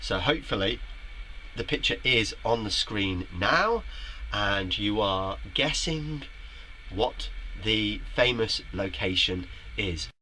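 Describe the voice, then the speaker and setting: Brief: middle-aged male host, bright forceful tone, playful and theatrical, faint room noise. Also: lively intonation, slow pace, low-quality recording. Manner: playful, theatrical, jumps to high pitch when quoting. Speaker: host of a homemade web show. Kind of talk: chatty vlog reading out viewer comments. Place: garden shed.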